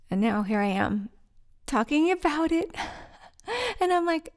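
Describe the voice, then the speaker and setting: A woman's voice: mid-range voice, normal speed, vocal fry, a little mellow. A middle-aged woman hosting a vlog, chatting at home in a giggly, rambling, self-mocking way. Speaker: vlog host. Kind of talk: casual rambling monologue to camera. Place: sitting on the floor at home. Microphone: mic set up by her partner.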